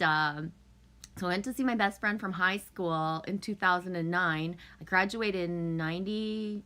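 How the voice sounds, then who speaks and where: A woman's voice: on the low side, a bit bright. A middle-aged woman from Canada chatting casually on a livestream, chipper and profane, laughing often and greeting viewers by name. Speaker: livestream host.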